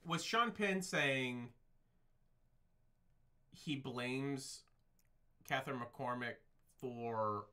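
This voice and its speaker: A man's voice: medium pitch, extremely slow, long pauses, bright, forceful tone, clear, resonant tone. A man on a casual film podcast, trading wry asides about a movie. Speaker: podcast co-host.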